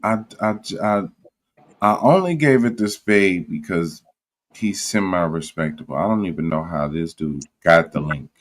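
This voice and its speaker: A man with a deep, low voice emcees a mock press conference. He sounds exasperated and mutters his asides. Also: normal speed.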